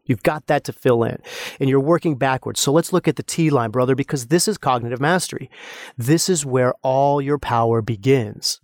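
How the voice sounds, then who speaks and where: A man's voice: mid-range voice, a little mellow, no echo, clean studio sound. A man hosting a motivational podcast, intensely guiding the listener through a visualization with repeated rhetorical questions and calling him brother. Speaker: podcast host, mindset coach. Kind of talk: motivational coaching monologue.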